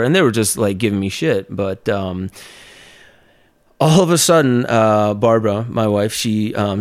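A man with a smooth, resonant voice sitting low in pitch recounts a personal story as an interview guest. His telling is loose and chatty, full of fillers and quick laughs. The sound is close and dry, with no room around it. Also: darkish tone, dry recording. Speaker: podcast guest, documentary maker on a speaking tour.

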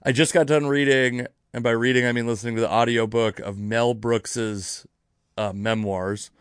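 A man talks alone into his podcast mic in loose, meandering chat, correcting himself mid-sentence and swearing offhand. His voice sits at an ordinary middle pitch. The sound is dry and close, with no room behind it. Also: steady tone, normal speed, smooth, dry recording. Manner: rambling, self-correcting, casually profane. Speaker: comedian podcast host. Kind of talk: casual solo podcast chat. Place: near Seattle.

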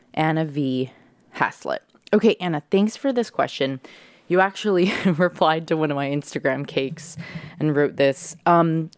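At home on a close podcast mic, a woman hosts a solo podcast, giving her listeners a peppy pep talk and swearing for emphasis. Her voice sits low with a darkish tone and no room sound.

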